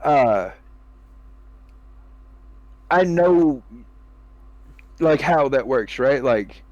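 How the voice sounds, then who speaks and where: A man in a loose, profane gamer chat who laughs a lot. He keeps slipping into the lines he would throw at a teammate who misses, with a voice of middling pitch. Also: lively intonation, extremely slow, darkish tone, dry recording, muffled recording. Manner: profane, laughs often, acts out what he'd say to teammates. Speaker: podcast host and gamer. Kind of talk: casual chat.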